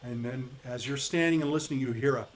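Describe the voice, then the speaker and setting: A man narrating a tabletop game as game master in a relaxed, chatty storytelling manner. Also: medium pitch, fast talker, heavy background noise.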